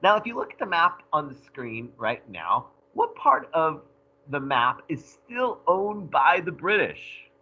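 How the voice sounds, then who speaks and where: A male history teacher giving a recorded lecture, animated and jokey, talking straight to his students. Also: fairly high pitch, unhurried, breathy edge, muffled recording.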